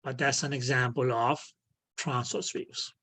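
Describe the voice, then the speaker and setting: A man teaching an online physics class, slowly and patiently, filling his speech with "okay" and making small grammar slips. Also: mid-range voice, fairly even intonation, fairly bright tone, slightly rough. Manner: repeats "okay" as filler, non-native grammar slips. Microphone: video call.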